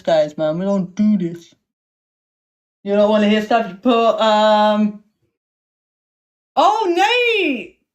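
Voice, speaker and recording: A woman hosting a livestream in casual chat, brash and foul-mouthed, often laughing. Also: on the high side. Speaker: livestream host.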